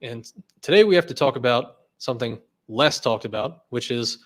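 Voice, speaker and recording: A man's voice: medium pitch, animated, normal speed, lightly acted. A man doing an impression of another male finance creator opening a video with a breezy intro cadence. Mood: upbeat.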